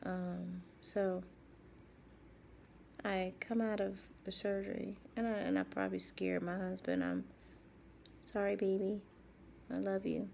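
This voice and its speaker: A woman speaking in a halting, soft personal video diary, often dropping to a whisper and repeating herself as she searches for words. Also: medium pitch, lively intonation, vocal fry, slight background noise. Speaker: vlogger.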